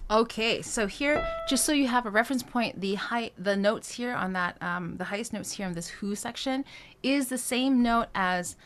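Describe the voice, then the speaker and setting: Music plays in the background as a woman with a fairly high voice teaches singing at a normal speed. Frequently restarting and using fillers, she talks through technique and then demonstrates with quick phrases and vocal exercises.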